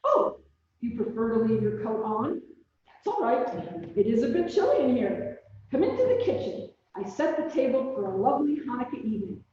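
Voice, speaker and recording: A woman's voice: on the high side, very animated, moderate pace, warm tone, slight background noise. A woman voicing a kindly, fussing old grandmother in a storybook reading, chatty and doting. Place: large echoey church hall. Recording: distant, dull, echoey hall recording.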